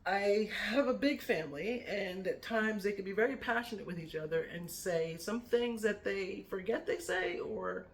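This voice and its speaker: A woman's voice: fairly low pitch, a little hiss or hum. A middle-aged woman speaking a heartfelt, emotional tribute to a family member in her vlog, fighting back tears. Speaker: vlogger.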